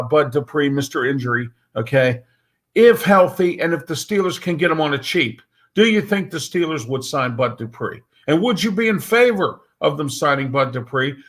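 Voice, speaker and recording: A man's voice: a little high, fairly bright tone. Blunt, rambling man hosting sports talk. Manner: blunt, opinionated, rambling with many fillers and "okay?". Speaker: sports talk show host. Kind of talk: casual sports talk monologue.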